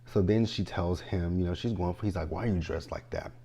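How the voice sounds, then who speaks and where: Young man, deep voice, husky, mellow, casual episode recap, animated and exasperated. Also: a little fast. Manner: animated, exasperated, talks straight to the characters. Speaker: TV show reviewer.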